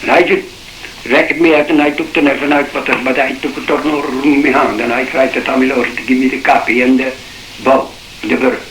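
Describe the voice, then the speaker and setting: A man's voice: medium pitch, fairly even intonation, a little fast, a bit bright, a little hiss or hum. An older man with a Shetland accent recounting his memories in oral-history style, rambling in dialect with many restarts, on a roomy old cassette recording. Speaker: shipwreck survivor.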